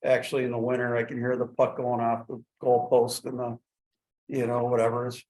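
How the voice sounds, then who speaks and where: A man on a village board, speaking at a public meeting in a halting way with many restarts. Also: mid-range voice, monotone, a little mellow, low-quality recording. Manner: hesitant, many restarts and fillers. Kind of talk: meeting discussion.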